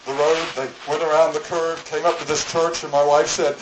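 A man preaching in a storytelling way, now and then doing the voices of the people in his story. His voice sits a little high for a man, and the room rings with echo over steady background noise. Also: moderate pace. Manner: storytelling, acts out voices in quotes. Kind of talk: sermon.

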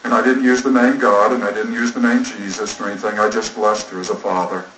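A man with a fairly low, flat-sounding voice that's a bit bright tells a personal story during a sermon, talking fast, earnestly and in a rambling way while acting out the dialogue. The mic is distant in a roomy space, with faint noise.

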